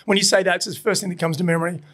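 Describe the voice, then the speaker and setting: A middle-aged Australian man telling animated stories in a casual chat, swearing and laughing often as he recounts his past. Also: sits high, racing. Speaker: podcast guest, burger restaurant owner. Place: his burger restaurant.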